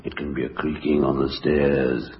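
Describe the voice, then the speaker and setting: An actor playing a sinister horror-show narrator in a radio comedy sketch, intoning slowly. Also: male voice, a bass voice, little pitch movement, slightly rough, full character voice. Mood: ominous. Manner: slow ominous intoning. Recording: dull old radio recording with noise.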